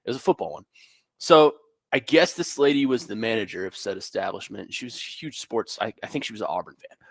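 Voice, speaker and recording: This young man's low-leaning voice is brisk with some vocal fry, recorded without room sound in a studio. As a sports radio co-host, he tells stories with animation and sarcasm, packing in lots of fillers amid the banter.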